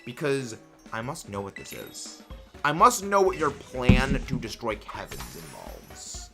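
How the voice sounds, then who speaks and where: A young man hosting a livestream, chatting casually and reading chat messages in an excitable, rambling way. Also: mid-range voice, measured pace, creaky, over music. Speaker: livestream host.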